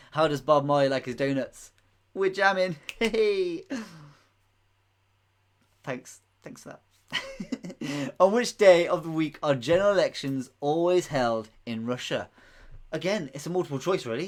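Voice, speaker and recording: A man in his late twenties hosting a live quiz, chatting in a jokey, giggly way with rambling asides, close to his microphone. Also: fairly high pitch. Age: late 20s. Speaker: quiz host. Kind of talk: live-streamed quiz answers. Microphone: microphone close to the mouth.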